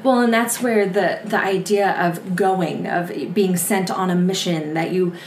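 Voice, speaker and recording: A woman's voice: lowish voice, steady tone, a little slow, a little hiss or hum. A woman co-hosting a casual faith podcast, often agreeing with short affirmations and then sharing her own thoughts. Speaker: podcast co-host. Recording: echoey, a little distant from the mic.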